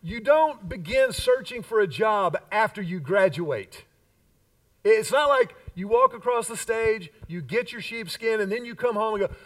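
A man's voice: high-pitched, very animated, a little slow, far from the mic, rough recording. A man in his fifties preaching a sermon as pastor, with emphatic repeated lines and call-and-response. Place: church sanctuary.

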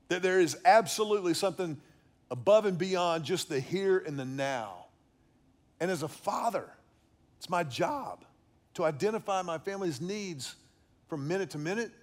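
A middle-aged man giving an earnest faith-based teaching on fatherhood, often repeating and restarting words. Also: high voice. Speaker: preacher on fatherhood.

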